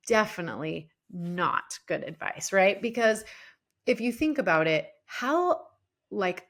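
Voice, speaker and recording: A woman in her forties, a relationship coach guesting on a podcast, telling marriage stories in a casual, animated way and acting out past moments in her own voice. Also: lowish voice. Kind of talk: casual podcast interview storytelling.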